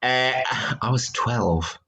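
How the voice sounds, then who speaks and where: A British man, a theatre actor, chatting casually and telling backstage stories with lively, acted-out quotes. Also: takes it slowly. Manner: animated storyteller, acts out quotes with big pitch jumps. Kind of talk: casual chat.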